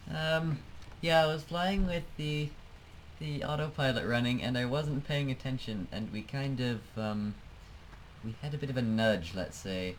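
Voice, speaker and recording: A man's voice: medium pitch, a little slow, a little hiss or hum, rough recording. A man giving casual, self-mocking commentary while playing a flight game, laughing often. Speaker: let's play gamer.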